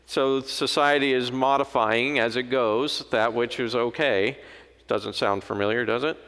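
A man's voice: medium pitch, steady tone, a little slow, fairly bright tone. A man preaching a sermon in a conversational, storytelling manner. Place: church. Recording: long hall reverb.

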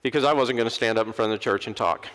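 A middle-aged man, an Episcopal preacher, giving a lively sermon and acting out the people he quotes. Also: on the low side, rapid-fire. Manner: animated, acts out quoted voices. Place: large church. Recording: long church reverb.

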